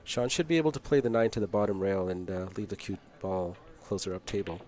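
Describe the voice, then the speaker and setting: A man giving steady play-by-play of a pool match on a casual live stream and reading viewer chat aloud. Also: low-pitched, quick pace.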